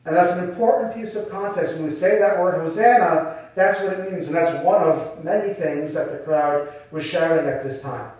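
Male pastor, slightly high voice, conversational sermon delivery; very reverberant hall, distant mic. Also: normal speed, few pauses, a little mellow, highs cut off. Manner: explains scripture in a casual, conversational way with rhetorical questions. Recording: very echoey room, voice from a distance.

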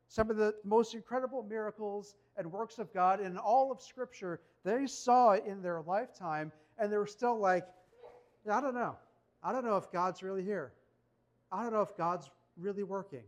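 High-voiced man preaching conversationally. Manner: conversational, animated, rhetorical questions. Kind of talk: sermon.

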